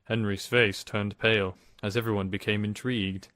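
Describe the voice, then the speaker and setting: A man's voice: fairly low pitch, flat delivery, moderate pace, fairly bright tone, no echo, clean studio sound. A man narrating a scripted storybook with a dramatic reading style.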